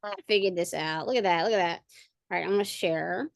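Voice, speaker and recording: A woman's voice: fairly low pitch, fairly quick, creaky, dry recording. A woman chatting casually on a video call, rambling with lots of fillers and restarts. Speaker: podcast co-host and parent. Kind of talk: casual chat.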